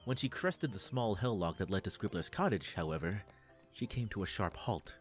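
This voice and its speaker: A man's voice: fairly low pitch, lively intonation, normal speed, slightly rough, soft background music. Wry male storybook narrator. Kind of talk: scripted narration.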